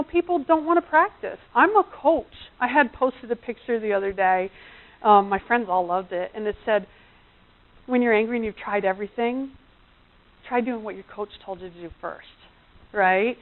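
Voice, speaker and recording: A middle-aged woman coach giving a chatty seminar talk on relationships, often acting out the voices of people she quotes. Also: on the high side. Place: seminar room. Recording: tinny phone-like recording.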